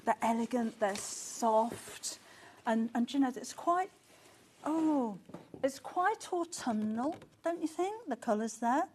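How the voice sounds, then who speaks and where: An excitable woman hosting a live sales show, chattering away with gasps and little laughs. Her voice sits a touch high, with a faint hiss of noise in the studio behind her. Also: slow pace. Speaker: shopping channel presenter.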